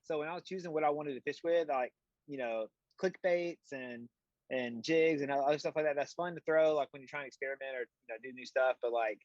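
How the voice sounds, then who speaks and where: A man's voice: a little high, brisk, no echo. A young man who is a guest on a stream, chatting casually in a rambling way with lots of fillers and dry jokes. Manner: rambling, many "like" and "you know" fillers, joking. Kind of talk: casual chat. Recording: slightly muffled remote audio.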